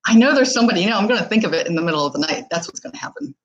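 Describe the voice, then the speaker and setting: A woman's voice: medium pitch, animated, racing, muffled recording. A woman hosting a live stream, talking candidly and casually with viewers, with many fillers and restarts. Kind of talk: casual live chat reading viewer comments.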